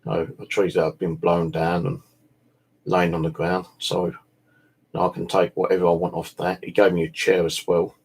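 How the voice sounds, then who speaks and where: A man's voice: low voice, little pitch movement, normal speed, gravelly, darkish tone, slightly rough. A tired man, chatting casually and rambling, swearing now and then. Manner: meandering, full of "you know" and "like", swears casually. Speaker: bushcraft vlogger.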